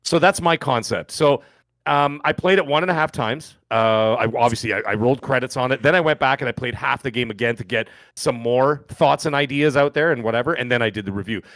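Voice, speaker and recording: A man's voice: medium pitch, brisk, fairly bright tone, no room sound. A middle-aged man from Canada co-hosting a podcast, chatting casually and telling jokey stories. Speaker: podcast co-host.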